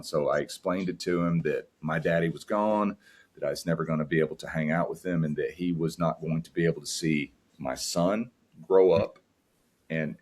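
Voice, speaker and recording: A man from the United States with a very deep voice appears as a podcast guest, reflecting earnestly and openly on fatherhood. What he says is warm but plainly put, with many restarts as he searches for words, and at times he tears up.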